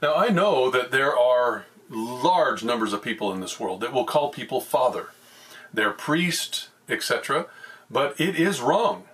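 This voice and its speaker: A man's voice: mid-range voice, lively intonation, a little slow, a bit bright, distant mic. A middle-aged man, a pastor, teaching from the Bible in a plain-spoken, conversational way with frequent restarts.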